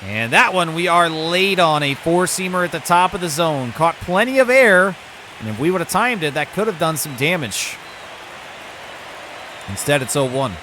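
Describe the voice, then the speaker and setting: Guy calling his own video game baseball like a broadcaster, higher voice, some noise behind. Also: sing-song, moderate pace. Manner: mock broadcaster calls mixed with muttered asides. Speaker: gaming YouTuber. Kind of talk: video game play-by-play commentary.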